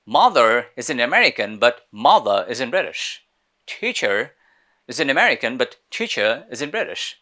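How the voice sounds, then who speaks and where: A man's voice: medium pitch, sharp tone. A man giving a spoken English lesson in an earnest way, often repeating his phrases. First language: Bengali. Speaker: English teacher.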